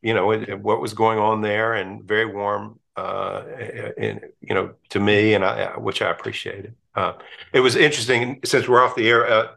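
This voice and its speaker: A middle-aged man speaks in a low, bright, forceful voice as a talk show guest. He tells rambling anecdotes with many restarts and laughs, in a relaxed conversational way. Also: normal speed, creaky. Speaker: guest, Episcopal priest. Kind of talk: casual conversation.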